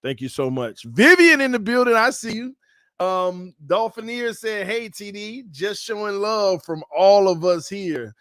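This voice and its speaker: A man's voice: high voice, expressive, a little slow, a bit bright, no echo, studio quality. A man hosting a casual livestream from home, chatty and upbeat, reading out viewer comments. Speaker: host of a fan channel livestream. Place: at home with his baby.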